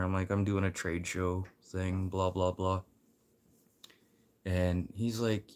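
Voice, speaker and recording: A man's voice: deep voice, steady tone, slow pace, long pauses, darkish tone, smooth. A man from Manitoba, ranting casually and bluntly, full of swearing and rambling asides. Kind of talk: casual rant.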